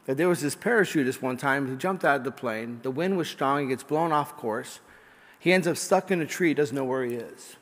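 Priest preaching in a reverberant church. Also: male voice, medium pitch, brisk, a bit bright. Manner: storytelling with jokes, rising to fervent emphasis. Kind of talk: sermon.

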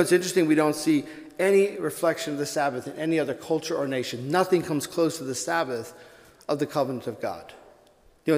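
A man's voice: a little high, darkish tone, in a large hall. A man, a pastor, giving a sermon, telling a joke before moving into earnest preaching.

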